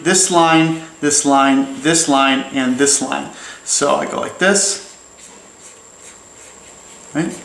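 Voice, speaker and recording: A man's voice: a little high, fairly bright tone, reverberant, low-quality recording. A man giving a casual, playful drawing lesson as he sketches, chatty and full of jokey asides. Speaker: drawing teacher.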